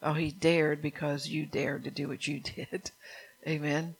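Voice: mid-range voice, flat delivery, unhurried, creaky, breathy edge, rough recording. A pastor preaching a sermon, emphatic and repeating key lines for stress, often calling out to the congregation for a response.

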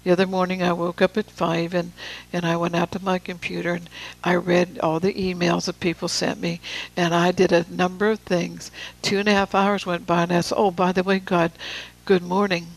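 A preacher giving a sermon, reading scripture with slow, deliberate emphasis and casual asides to the room. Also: medium pitch, flat delivery, creaky, rough recording.

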